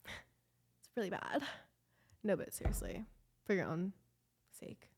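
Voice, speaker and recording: A woman's voice: medium pitch, wildly swooping pitch, takes it slowly, creaky, a little mellow, a little hiss or hum. Rambling emotional young woman vlogger. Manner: emotional, rambling, lots of "like" fillers. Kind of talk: casual confessional chat.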